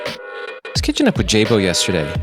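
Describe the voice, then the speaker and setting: A man hosting a radio show, chatting casually and telling animated stories. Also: on the low side, moderate pace, over music. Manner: animated, storytelling.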